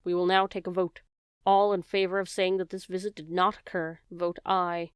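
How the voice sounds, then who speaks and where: A woman's voice: on the low side, little pitch movement, normal speed, clear, resonant tone, dry recording, clean studio sound, lightly acted. A woman voicing a stern, pompous male head mouse who leads a council in a storybook reading. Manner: commanding, pompous.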